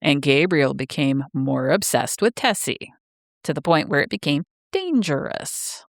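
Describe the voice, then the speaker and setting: A woman's voice: low-pitched, expressive, a little slow, no room sound, studio quality. A woman co-hosting a book podcast, steadily explaining a novel's backstory in casual chat.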